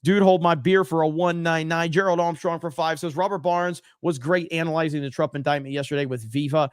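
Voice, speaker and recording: A man's voice: on the high side, steady tone, fairly quick, clean tone, dry recording, clean studio sound. A man hosting a livestream in a casual style, reading viewer chat aloud and answering in a blunt, profane way, often repeating words for emphasis. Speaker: livestream host.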